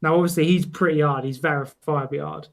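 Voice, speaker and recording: A man's voice: fairly high pitch, steady tone, fairly quick, vocal fry. Man telling a mock-epic story. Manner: mock-dramatic storytelling with swearing. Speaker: podcast co-host. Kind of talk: casual comedic chat.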